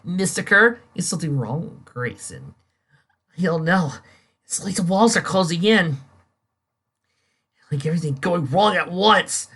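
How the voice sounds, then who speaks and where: A man's voice: high voice, lively intonation, a little slow, pauses often, sharp tone, husky, voice pushed up, full character voice. A comic reader voicing a frazzled young man, an anxious office worker who stammers under pressure. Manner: flustered, stammering.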